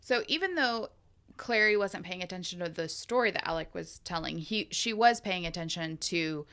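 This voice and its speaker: A young adult woman co-hosting a podcast, recapping a book in animated casual chat, laughing often and swearing freely. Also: on the low side, normal speed, smooth. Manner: animated, laughing, swearing, puts on quoted voices. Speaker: podcast co-host.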